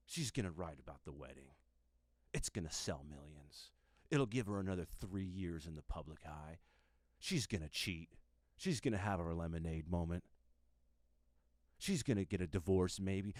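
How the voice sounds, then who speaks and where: A man hosting a comedy podcast, giving a mock-serious monologue with dramatic pauses and muttered asides. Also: sits low, a little mellow, no echo, studio quality. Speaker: comedian host.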